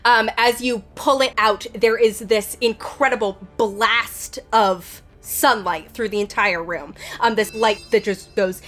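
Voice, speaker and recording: Female game master, relaxed, filler-heavy narration, mid pitch. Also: unhurried, few pauses, faint music behind. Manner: relaxed, chatty, frequent fillers.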